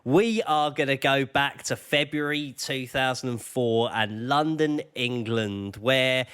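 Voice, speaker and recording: Male podcast host, slow and smooth, measured narration. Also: mid-range voice, a bit bright. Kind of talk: scripted narration.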